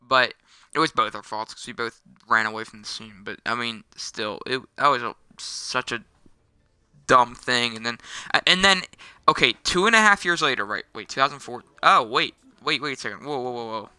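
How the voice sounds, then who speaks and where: A man's voice: medium pitch, bright, forceful tone, clean tone, dry recording. A young man rambling through a personal story in casual vlog style, often restarting and correcting himself. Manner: rambling with many restarts and quick self-corrections. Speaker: storytelling vlogger. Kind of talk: casual storytime while gaming.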